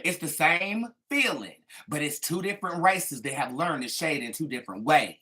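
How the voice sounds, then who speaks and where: A woman's voice: low voice, lively intonation, normal speed, fairly bright tone. A woman hosting a live tarot stream, chatting in a sassy, gossipy way between readings. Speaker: tarot reader and livestream host. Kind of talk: casual livestream chat and tarot reading.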